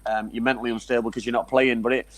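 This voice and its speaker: A man's voice: medium pitch, level tone, racing, a bit bright. A man co-hosting a football podcast, asking long, run-on questions and restarting his sentences as he goes. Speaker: podcast co-host. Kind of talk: podcast interview.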